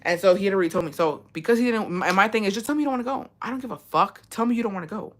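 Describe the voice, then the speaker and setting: A woman's voice: medium pitch, rapid-fire. A woman vlogger giving blunt, profane advice in a casual chat, telling a story with lots of swearing.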